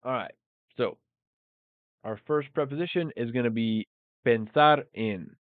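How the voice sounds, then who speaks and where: A man teaching English live, thinking aloud in a relaxed way and working Spanish phrases into the lesson. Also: medium pitch, measured pace, no room sound. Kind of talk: live-streamed language lesson. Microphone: phone. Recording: dry, phone-like sound.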